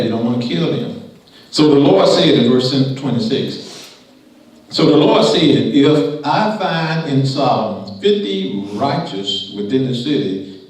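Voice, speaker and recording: A man preaching a sermon, reading scripture and paraphrasing it in a lively, conversational way. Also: mid-range voice. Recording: echoey room from far off.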